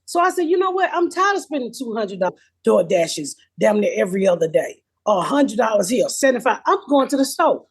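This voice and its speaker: A woman in her fifties hosting a comedy podcast, telling stories loudly with lots of profanity over a patchy remote call. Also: a little high, fairly quick, slightly rough. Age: 50s. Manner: loud, profane, animated storytelling. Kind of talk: casual podcast chat. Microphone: remote call with a patchy connection.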